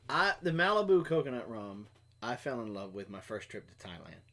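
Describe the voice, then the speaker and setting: A middle-aged man co-hosting a casual live stream, rambling through stories with frequent restarts. His pitch swings widely as he talks. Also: very animated, fairly quick, bright, forceful tone. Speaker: co-host of a homestead live stream. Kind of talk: casual chat.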